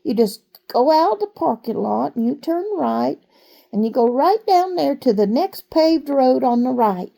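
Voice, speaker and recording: Brief: a sweet, helpful diner waitress, pitched up and bright-sounding, put on by a woman storyteller; slight gravel underneath. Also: expressive, a little slow, heavily acted. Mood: cheerful. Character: friendly small-town diner waitress, woman.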